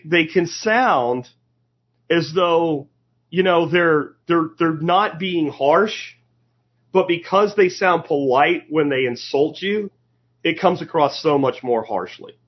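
A podcast host with a slightly high, husky voice delivers a sarcastic, opinionated monologue that rambles and keeps restarting. The recording is dull and lo-fi.

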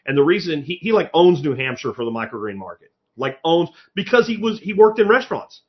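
A man in casual conversation, telling stories with lively energy and the odd curse word. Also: on the high side, brisk. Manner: animated storyteller, swears casually. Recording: slightly muffled lo-fi audio.

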